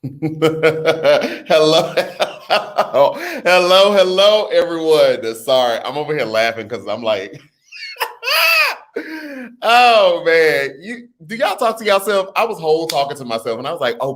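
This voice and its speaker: A man's voice: a little high, animated, a little fast, few pauses, a bit bright. A man hosting a casual political livestream, laughing easily and greeting commenters by name. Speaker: host.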